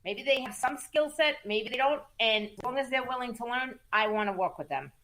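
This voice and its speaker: A woman guest in a casual interview, telling music business stories in an animated, emphatic way, repeating words for stress and cursing casually. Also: a little high, fairly quick. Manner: acts out quoted voices in lively storytelling. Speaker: music manager and entertainment attorney, guest.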